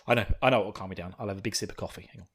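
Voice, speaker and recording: Excitable man gushing over a show. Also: low voice, very fast, a little hiss or hum. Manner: excitable, gushing, swearing, bursts of laughter. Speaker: podcast host. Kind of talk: casual podcast episode recap.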